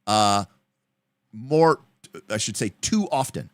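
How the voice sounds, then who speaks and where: A man hosting a livestream, casually answering viewer questions with animated game-master advice. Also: lowish voice, slow, dry recording, studio quality. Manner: animated, explanatory, answering chat comments.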